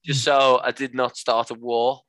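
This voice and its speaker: A man's voice: mid-range voice, moderate pace, no room sound. A man co-hosting a podcast, telling jokey stories in casual chat. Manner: animated, jokey, slips into voices. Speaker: podcast co-host. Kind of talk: casual comedic storytelling.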